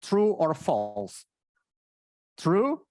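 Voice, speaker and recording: A stand-up comic from Portugal speaks English with a Portuguese accent, bouncing between high excited exclamations and low deadpan asides. His pitch moves all over the place. The sound is dry and close, with little room tone. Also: extremely slow, dry recording. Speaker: stand-up comedian. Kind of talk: stand-up comedy set with crowd work. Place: live comedy venue.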